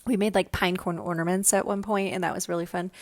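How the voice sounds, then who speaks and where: Chatty woman with a lowish voice. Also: steady tone, fast talker, no room sound, clean studio sound. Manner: chatty, many fillers, relays a spirit's words in her own voice. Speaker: spiritual channeler and podcast host. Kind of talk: casual spiritual storytelling.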